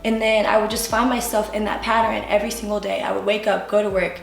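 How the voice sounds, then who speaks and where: A woman's voice: medium pitch, little pitch movement, fast talker, creaky. A woman in her twenties, a vlogger telling her own story to camera in candid, casual talk full of "like". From United States. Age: 20s. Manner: candid, filler-heavy talk with frequent "like". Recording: echoey room with faint music.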